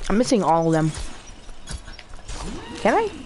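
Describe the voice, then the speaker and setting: Chatty, excitable woman gamer. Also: on the low side, a little slow, a little hiss or hum. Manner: chatty and excitable, rambling with many fillers. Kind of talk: casual gameplay commentary.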